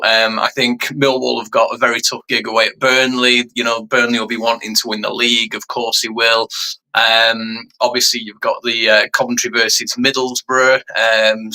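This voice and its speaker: Man, guest on video call, rambling casual chat, very bright voice. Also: medium pitch, low-quality recording. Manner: rambling, hedging with you know.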